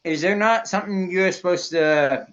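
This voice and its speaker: A man's voice: high voice, normal speed, a bit bright. Emphatic man talking on a podcast. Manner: repeats phrases, emphatic, restarts often. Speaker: podcast guest. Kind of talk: casual podcast chat. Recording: dull lo-fi sound.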